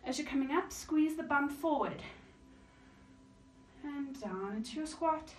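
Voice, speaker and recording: A woman's voice: high voice, unhurried. A woman teaching a yoga class and calling out breathing and squat cues while doing the moves herself, a little out of breath. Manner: calm counting cues while exercising. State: slightly out of breath. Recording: echoey room, mic far off, faint hiss.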